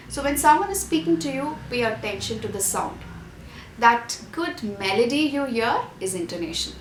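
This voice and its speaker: A woman's voice: on the high side, fairly bright tone, reverberant, slight background noise. A woman giving a scripted online exam-prep lesson, listing tips and repeating key points. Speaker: IELTS tutor.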